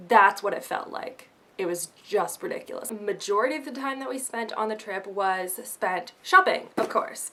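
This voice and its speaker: A woman's voice: mid-range voice, a bit bright. Bubbly chatty young woman vlogger. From Canada. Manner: bubbly, chatty, self-mocking. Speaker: beauty vlogger. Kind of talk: casual haul vlog.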